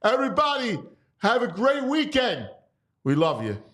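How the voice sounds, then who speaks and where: A man's voice: very high-pitched, moderate pace. A man hosting a casual sports talk show, enthusiastic and leading the segment. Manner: enthusiastic, lively, leads the segment.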